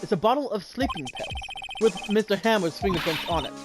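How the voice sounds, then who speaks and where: A woman voicing an earnest young male defense lawyer, reading his lines in a calm, matter-of-fact way. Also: medium pitch, fairly quick, loud music behind the voice, lightly acted.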